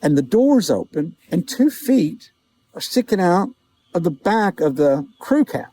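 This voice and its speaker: A man vlogging outdoors, telling a vivid personal story in a casual, halting way, with quoted dialogue. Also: sits high, sing-song, dark tone, dry recording, poor audio. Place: outdoors outside a small-town grocery store.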